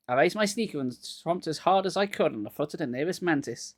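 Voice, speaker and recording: A man's voice: on the high side, expressive, brisk, no room sound, clean studio sound. A man getting over a cold, reading a children's horror book aloud live and dropping wry jokes between passages.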